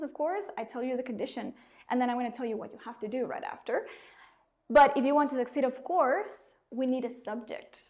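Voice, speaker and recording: Lively Spanish-accented woman teacher. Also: on the high side. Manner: lively, coaxing, asks the viewers questions. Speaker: English teacher. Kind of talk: live online exam-prep lesson.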